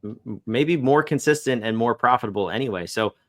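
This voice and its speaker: A man's voice: medium pitch, brisk, fairly bright tone. A male podcast host in a casual interview, often restarting and repeating words as he thinks aloud.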